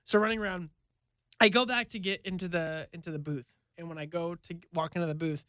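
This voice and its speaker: A young man with a fairly high, light voice tells a story to friends, animated and loose, with plenty of swearing. He acts out the other people's lines as he goes. The sound is close and dry. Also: fast talker, dry recording. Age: young adult. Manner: animated, profane, acts out quotes with laughter. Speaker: podcast guest. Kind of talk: casual storytelling.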